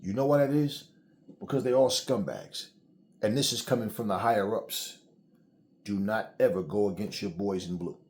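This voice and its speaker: A man's voice: fairly low pitch, moderate pace, a little mellow. A middle-aged man giving heated solo commentary, blunt and swearing freely as he vents. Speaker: channel host.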